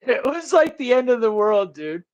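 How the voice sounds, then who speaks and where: A man's voice: very high-pitched, very animated, moderate pace, dull audio. A man hosting a livestream in casual chat, rambling and slangy, calling people bro and dude. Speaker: livestream host.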